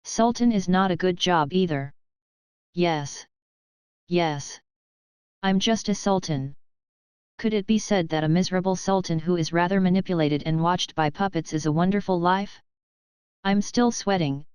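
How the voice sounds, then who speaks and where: A woman with a low, very smooth voice reads the scripted dialogue of a pet story, keeping her delivery stilted and even. The sound is close and dry, with no room around it. The audio is slightly dull and lo-fi. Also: moderate pace, long pauses, no room sound. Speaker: storyteller voicing pet characters.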